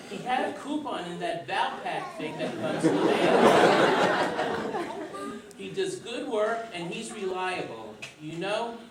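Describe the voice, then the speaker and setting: A man playing a joke-telling emcee in an amateur comedy play, who delivers deadpan one-liners. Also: sits high. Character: jokey showman host, male, grown man. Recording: distant voice in a noisy echoey hall with audience.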